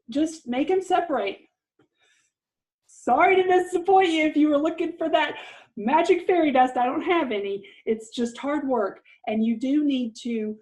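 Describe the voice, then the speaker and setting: A woman's voice: fairly high pitch, a little mellow, poor audio. A middle-aged woman giving an earnest, encouraging parenting lesson, with light laughs. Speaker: parenting course presenter.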